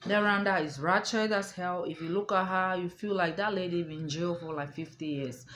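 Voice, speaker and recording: A woman's voice: lowish voice, normal speed, fairly bright tone, slight background noise. A woman telling a family story to her viewers in a casual, emphatic way, repeating her points and checking that the listener understands. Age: adult. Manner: emphatic, repetitive, addresses listener directly.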